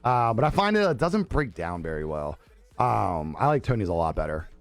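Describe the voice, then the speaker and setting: Laid-back young streamer guy, lively voice. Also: on the low side, normal speed, no echo. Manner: laid-back, laughs often, swears casually. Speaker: live streamer. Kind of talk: casual chat reading viewer comments. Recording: dry close sound with faint music behind.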